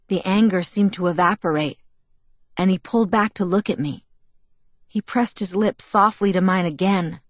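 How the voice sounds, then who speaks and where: A woman narrating a first-person novel as an audiobook, measured and expressive. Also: on the low side, no room sound.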